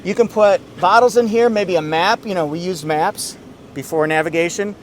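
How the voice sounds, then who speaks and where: A man's voice: sits high, moderate pace. A man reviewing a car from inside it in a casual, upbeat walkthrough with joking asides.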